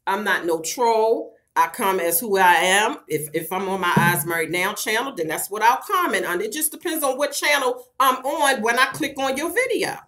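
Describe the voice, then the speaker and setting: A woman's voice: mid-range voice, moderate pace, few pauses, a bit bright. A middle-aged woman vlogging in a casual chat to camera, talking frankly to her viewers, with laughter and a lot of swearing. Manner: frank, profane and laughing, talks straight to viewers as "girl".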